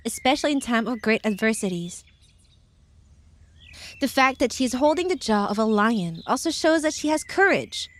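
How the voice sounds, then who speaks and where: A young woman streaming casually, giggling often and breaking off from reading tarot card meanings to chat playfully. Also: fairly high pitch. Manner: reads tarot meanings aloud with asides. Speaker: virtual streamer.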